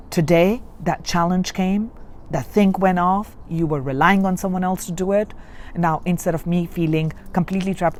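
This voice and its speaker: A woman's voice: on the low side, moderate pace, darkish tone, a little hiss or hum. A woman giving a spiritual reading, coaching listeners earnestly and repeating key points. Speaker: spiritual reader. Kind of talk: guided self-help reading.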